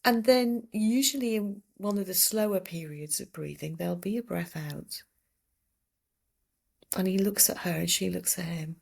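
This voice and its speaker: A woman in her sixties, a palliative care doctor, telling stories from her work in a gentle, reflective way in a podcast interview. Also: mid-range voice, moderate pace, creaky, slightly rough. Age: 60s. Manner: reflective, gentle, recounting patient stories with quoted speech.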